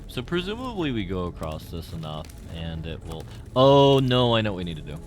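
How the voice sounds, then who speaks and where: A man's voice: low-pitched, very animated, fairly quick, soft background music. A man streaming a game, rambling and joking with his chat in casual commentary. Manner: rambling, jokey, talks to chat.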